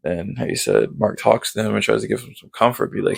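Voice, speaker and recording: A man with a heavily gravelly, fry-laden voice talks through a show recap in a loose, rambling way. He leans on fillers and throws in excited sound-effect words as he goes. The recording is close and dry, with no room sound. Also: fairly low pitch, fast, dry recording, rough recording. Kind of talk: casual episode recap.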